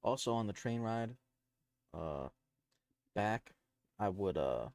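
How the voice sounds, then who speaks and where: Streamer guy rambling about food stuff, kinda low voice, lots of ums and restarts, dry sound. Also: animated, slow pace, vocal fry, darkish tone, no room sound. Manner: laid-back, crude slang, lots of fillers and restarts. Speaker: live streamer. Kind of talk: casual rambling storytelling.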